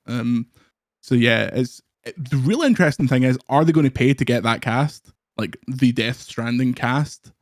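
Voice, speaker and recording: A man's voice: medium pitch, moderate pace, no echo, studio quality. British man in casual rambling chat. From Britain. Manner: loose, rambling, laughs mid-sentence. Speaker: guest co-host.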